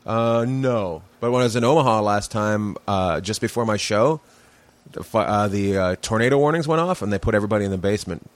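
A man who is a comedian guest on a podcast, talking in a laid-back, halting way in casual chat. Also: fairly low pitch, no room sound. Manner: laid-back, hesitant with fillers. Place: home man cave.

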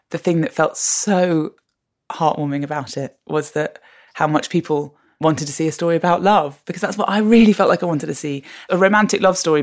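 A woman guest on a podcast interview, telling stories in an animated, expressive way and laughing often. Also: deep voice. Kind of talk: conversational interview.

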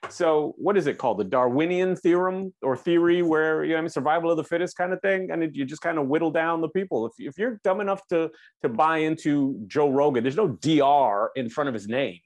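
A man's voice: fairly high pitch, brisk, hardly any pauses. A man guesting on a comedy podcast, talking emphatically and laughing often. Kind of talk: casual comedy podcast chat.

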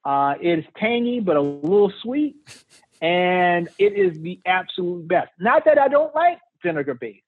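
Guy, candidate, earnest and folksy, kinda husky high voice, tinny phone-ish line. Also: big pitch swings, moderate pace, no room sound. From South Carolina. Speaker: political candidate, guest. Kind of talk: remote interview.

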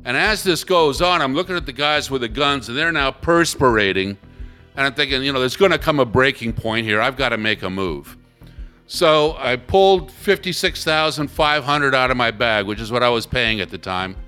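A man telling his own story in a blunt, animated, casual way, swearing freely. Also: medium pitch, normal speed, smooth, soft background music. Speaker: interviewee.

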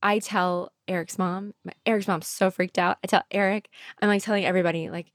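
A woman's voice: medium pitch, fairly quick, no room sound, studio quality. A woman hosting a podcast, telling a spooky personal story in casual chat, acting out quotes, with lots of fillers. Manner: animated storyteller, acts out quotes; many fillers, 'like' and 'um'. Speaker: podcast host.

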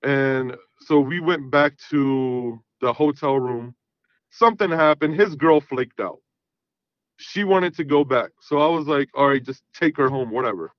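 A man's voice: mid-range voice, unhurried, no room sound, muffled recording. A man in his thirties telling a long personal story in casual chat, rambling and often saying "you know what I mean". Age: 30s. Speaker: guest.

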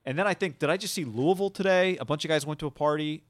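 A man co-hosting a casual sports talk show, animated, telling stories with quoted dialogue and swearing now and then. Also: on the high side, rapid-fire, no room sound, clean studio sound.

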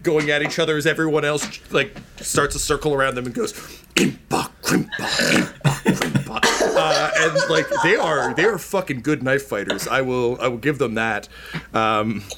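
A man's voice: fairly high pitch, very noisy. A man narrating as game master of a tabletop game, telling the scene loosely with many fillers. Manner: loose, filler-heavy storytelling.

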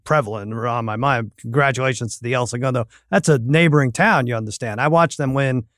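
A man co-hosting a casual podcast, telling stories with animated outbursts and acted-out quotes. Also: mid-range voice, fast talker, dry recording, studio quality. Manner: animated storyteller, acts out loud outbursts. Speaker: co-host.

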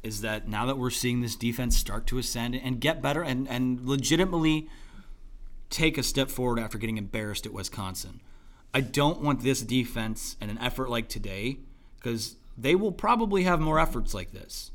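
A man breaks down a college football game in casual analyst talk. His voice is going hoarse, and he thinks aloud with frequent ums and restarts at a middle pitch. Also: moderate pace, fairly bright tone. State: losing his voice. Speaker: sports analyst.

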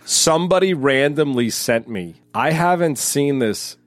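A man's voice: mid-range voice, expressive, a little slow, no echo. Middle-aged man, fifties, from New York, storytelling podcast co-host, mid-range voice, dry room. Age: 50s. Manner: chatty, joking, storytelling. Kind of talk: casual chat.

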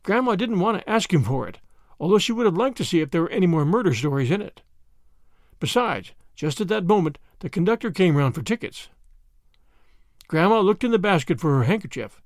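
Lively high-voiced male storyteller. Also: brisk, no room sound, clean studio sound. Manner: expressive, animated reading. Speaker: narrator. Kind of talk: storybook narration.

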